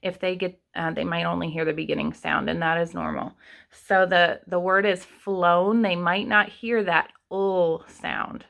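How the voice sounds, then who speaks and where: A young adult woman teaching an online kindergarten writing lesson, sounding out words slowly and patiently for young children. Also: on the low side, fairly even intonation, creaky, a bit bright. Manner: slow, sounding out words step by step.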